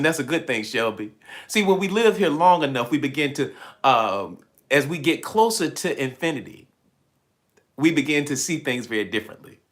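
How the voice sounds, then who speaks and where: A man's voice: mid-range voice, a bit bright. A man hosting a spiritual livestream, talking playfully to his viewers, laughing often and acting out quoted voices. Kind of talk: animated live-stream talk to viewers.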